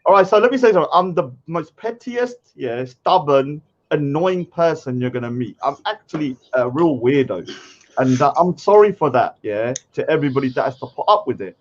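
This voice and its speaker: A man's voice: animated, brisk, muffled recording. A man arguing on a stream, mocking his opponent and laughing it off. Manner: mocking, mimics others in high whiny voices, laughs a lot. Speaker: streamer in a heated debate. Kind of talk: heated streamed argument.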